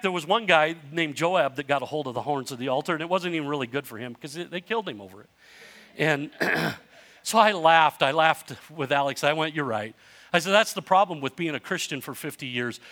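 An older man preaching a sermon, telling stories in a conversational way with restarts and building to emphatic, animated runs. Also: on the high side, fairly quick. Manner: conversational storytelling with self-interruptions. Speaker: pastor.

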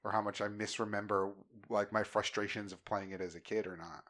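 A man with a low voice, chatting casually. He hedges as he goes and thinks aloud. Each thought comes with a qualifier. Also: flat delivery, brisk, fairly bright tone. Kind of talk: casual chat.

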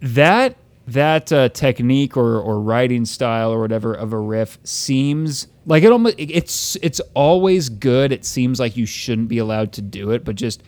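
A man's voice: mid-range voice, lively intonation, normal speed, a little mellow, dry recording. A man co-hosting a podcast in casual chat, loose and profane, often restarting his sentences. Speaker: podcast co-host.

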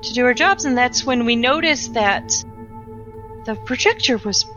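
A man's voice: very high voice, very animated, sharp tone, highs cut off, soft background music, exaggerated voice. A woman doing a tearful stammering man. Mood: shaken. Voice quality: shaky, halting, stammering. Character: tearful distraught man, devout and fragile.

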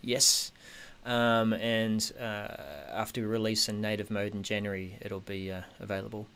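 A man hosting a podcast in casual tech chat, hesitant with many ums, often trailing off softly. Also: on the low side, completely flat delivery, measured pace, clean tone. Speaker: podcast host.

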